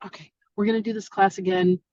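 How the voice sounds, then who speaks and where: A woman's voice: medium pitch, little pitch movement, fast, warm tone, no echo. Effusive spiritual teacher woman, dull lo-fi sound. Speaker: spiritual teacher hosting an online masterclass. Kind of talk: casual live-stream chat. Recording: dull lo-fi stream audio.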